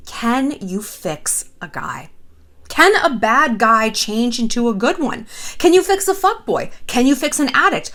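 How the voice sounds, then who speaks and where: Animated, lively woman spilling gossip. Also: a little high. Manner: animated, gossipy and frequently profane. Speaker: host. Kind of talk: casual chat.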